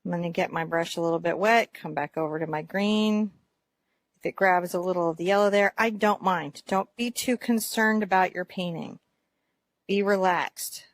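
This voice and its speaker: A woman teaching a painting lesson step by step, gentle and encouraging as she talks through each brushstroke while she paints. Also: lowish voice, moderate pace, dry recording. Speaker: art teacher.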